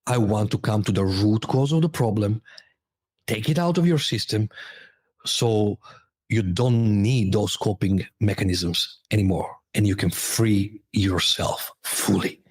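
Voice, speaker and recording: Husky-voiced man coaching with emphasis. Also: fairly low pitch, unhurried. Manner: emphatic, explains with metaphors, non-native phrasing. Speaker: guest, transformation coach. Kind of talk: podcast interview.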